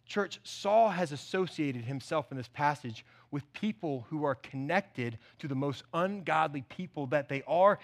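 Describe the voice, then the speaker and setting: A man preaching a sermon in an animated, conversational way, with asides to the congregation. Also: fairly high pitch. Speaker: pastor.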